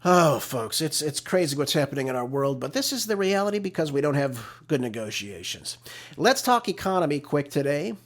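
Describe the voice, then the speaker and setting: Guy ranting on his talk show, bit high voice, big swings up and down, close mic. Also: very animated, a little fast. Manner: emphatic, exasperated, ranting. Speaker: political talk show host. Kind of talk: opinionated solo commentary.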